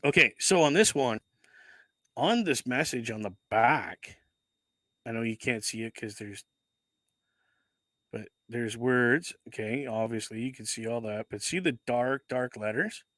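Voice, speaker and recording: A man's voice: mid-range voice, unhurried, long pauses, a bit bright, dry recording. A man hosting a casual livestream, chatting as he unboxes, rambling, correcting himself and swearing casually into a desk microphone. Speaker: livestream host.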